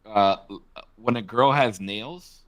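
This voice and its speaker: A young man co-hosting a podcast, chatting in an excitable, animated way with swearing and laughs. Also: on the low side, slow pace. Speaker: podcast co-host. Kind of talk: casual podcast chat.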